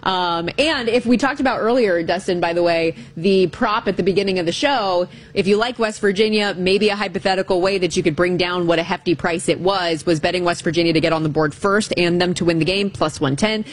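A woman's voice: fairly low pitch, fairly quick, few pauses, a little hiss or hum. Woman hosting a sports betting show.

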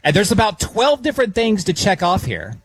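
Husky-voiced man co-hosting talk radio. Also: high-pitched, wildly swooping pitch, a little fast, dry recording, low-quality recording. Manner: amused, holding back laughter while reading. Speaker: radio co-host. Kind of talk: talk radio banter, reading out a report.

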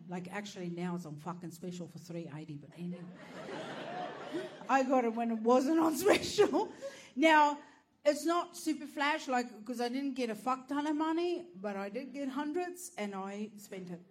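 A woman's voice: on the high side, background noise. A woman telling a brash, profane, self-mocking stand-up story, laughing through her lines. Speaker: stand-up comedian.

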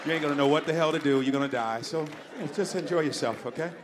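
A man doing a stand-up comedy routine, loud and animated, talking profane street slang and breaking into screams and laughter. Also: on the high side, quick pace, crowd noise, background noise.

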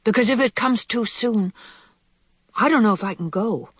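A woman voicing a sick young boy mouse who speaks seriously and calmly, in a storybook reading. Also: fairly high pitch, moderate pace, breathy edge, no room sound, clean studio sound, pitched above the performer's own voice. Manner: serious, calm, thoughtful.

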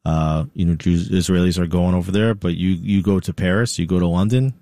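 A middle-aged man speaking as an interview guest with a very low, mellow voice. He talks in a measured way, often pausing on "you know". The sound is dry and close. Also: steady tone, no echo. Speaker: interview guest, news executive. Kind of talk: conversational interview.

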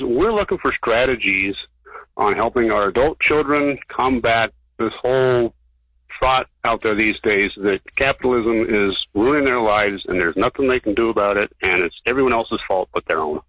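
A man's voice: mid-range voice, normal speed, no echo. A male caller on a radio show, earnest and a little hesitant, talking with fillers as he explains his question. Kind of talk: phone call-in to radio show. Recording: dull lo-fi phone-in line.

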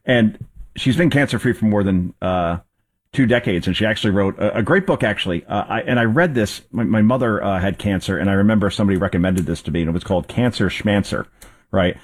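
Husky-voiced man hosting news commentary. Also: on the low side, fast. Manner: rambling, conversational, with fillers and restarts. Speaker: commentary show host.

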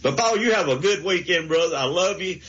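A man's voice: fairly high pitch, expressive, fairly quick, a bit bright. A man in his sixties from Alabama with a Southern accent, calling in to a sports radio show with a rambling, fired-up pep talk. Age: 60s. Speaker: caller. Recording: lo-fi phone line.

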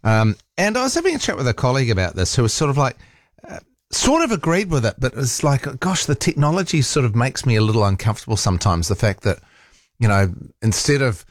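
A man's voice: mid-range voice, big pitch swings, quick pace, no room sound. A man with a New Zealand accent hosting a talk radio show in a studio, chatting in a rambling way with many fillers and restarts. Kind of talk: casual talk radio monologue. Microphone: studio microphone.

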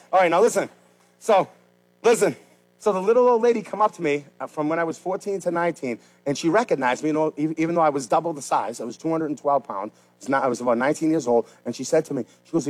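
Man, pastor, high voice, sermon, fervent shouts and quiet pleas. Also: rough recording. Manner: preaching with sudden loud rises and quiet, slow pleas.

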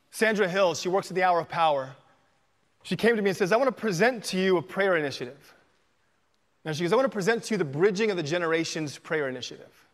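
A man preaching a sermon in a church, telling stories and acting out the voices of the people in them. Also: high voice. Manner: storytelling, acts out quoted dialogue. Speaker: pastor. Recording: long reverb in a church hall.

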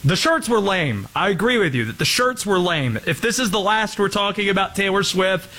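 A man's voice: high voice, lively intonation, normal speed, sharp tone, a little hiss or hum. A man hosting a sports talk show, teasing his co-host in a mock-serious way.

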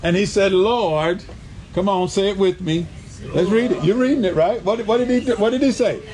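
A man's voice: high voice, a little fast, a crowd in the background. A man preaching a sermon in church, reading scripture aloud, repeating his points and punctuating them with "amen" as he calls on the congregation. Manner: repeats and restates points for emphasis. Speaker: pastor.

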